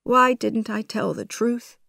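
A woman reading aloud, voicing a brave, quick-witted young man from the streets, defiant and raised in a storybook. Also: a little high, creaky, pushed and bright, dry recording, studio quality, voice pushed up, exaggerated voice. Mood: worried.

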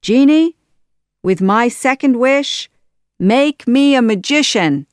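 A gloating, scheming royal advisor barks his wishes and orders, as a woman reads him aloud. He speaks slowly and commandingly, and the recording is dry and close. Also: medium pitch, expressive, fairly bright tone, smooth, no echo.

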